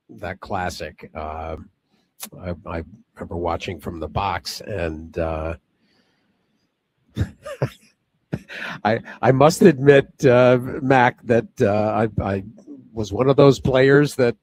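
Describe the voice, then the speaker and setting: A man hosting a radio show, chatting casually in a halting way with many fillers. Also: mid-range voice.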